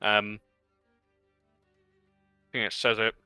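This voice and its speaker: A man running a tabletop game as game master, narrating with lively energy and explaining rules. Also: medium pitch, unhurried, clear, resonant tone, no echo, lo-fi sound, faint music behind.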